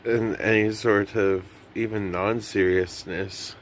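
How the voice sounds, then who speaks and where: A man's voice: lowish voice, steady tone, slow pace, slight background noise. A young man vlogging to camera in a rambling, self-mocking comedic monologue that often loses its thread.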